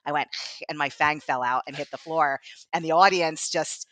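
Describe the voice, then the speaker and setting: A woman's voice: deep voice, normal speed, fairly bright tone, no room sound. A woman co-hosting a podcast in casual chat, telling stories and laughing often. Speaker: podcast co-host.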